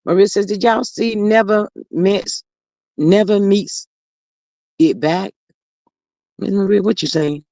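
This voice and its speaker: A woman's voice: mid-range voice, slow pace, long pauses, warm tone. A woman hosting a casual livestream, reading viewer comments aloud and greeting people by name in a drawling, chatty way. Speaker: livestream host.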